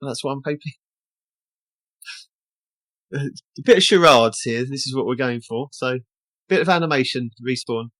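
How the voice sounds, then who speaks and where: A podcast host casually chatting and reading out game tasks in a brisk way. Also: medium pitch, fairly bright tone, no room sound.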